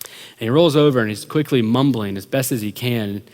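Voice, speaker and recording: A young adults pastor telling a story in a sermon, animated and acting out what people said, with many casual fillers. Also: male voice, mid-range voice, normal speed. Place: church hall. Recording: long reverb of a large hall.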